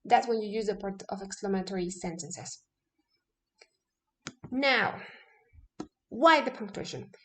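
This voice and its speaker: A woman teaching a casual English lesson, who stresses key words, tags her points with a quick "okay?", and restarts now and then. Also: medium pitch, a bit bright.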